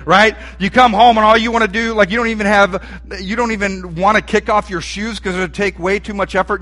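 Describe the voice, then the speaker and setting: A man delivers a sermon in a folksy, lively way, asking his listeners questions as he goes. His voice sits high for a man and sounds bright. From Texas. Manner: folksy and animated, asks the room questions. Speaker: preacher.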